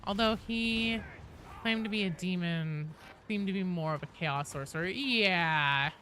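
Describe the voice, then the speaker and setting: A woman's voice: lowish voice, unhurried, fairly bright tone, slight background noise. A woman streaming a game, chatting casually and answering viewers' messages while she plays. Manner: chatty, reads and answers chat while playing. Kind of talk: casual live-stream chat.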